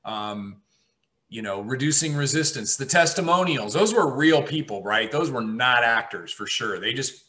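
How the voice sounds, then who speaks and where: A man lectures to a class in a loose, conversational way and keeps asking "right?". His voice is bright and forceful, and his pitch sits in the middle. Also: lively intonation, moderate pace. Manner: conversational, frequent "right?" checks. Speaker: instructor.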